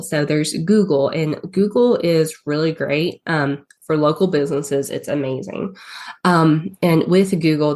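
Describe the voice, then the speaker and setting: Southern lady w a cold, deep-ish voice, rambly podcast guest, lots of um and like. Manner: chatty, lots of ums and likes. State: has a cold. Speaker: guest, paid ads strategist. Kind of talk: casual podcast interview.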